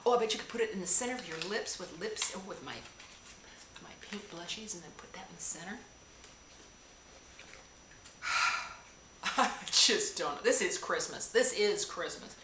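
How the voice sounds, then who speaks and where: A beauty vlogger unboxes a gift package on camera, gasping and gushing with delight at each item. Her medium-pitched voice is animated at normal speed, with long pauses. The tripod-mounted camera captures an echoey room with audible noise.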